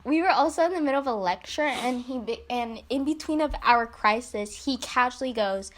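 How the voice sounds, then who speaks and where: A woman's voice: a little high, normal speed. Young woman telling a story animatedly. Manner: animated storytelling, acts out quoted texts. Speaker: podcast co-host. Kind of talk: casual chat.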